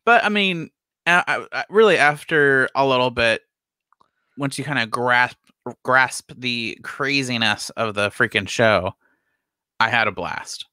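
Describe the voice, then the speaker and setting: Man, host, bright voice, dry sound, animated, stumbles over words. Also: medium pitch, unhurried, smooth, no room sound. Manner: animated, repeats words as he talks. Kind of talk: casual reaction chat.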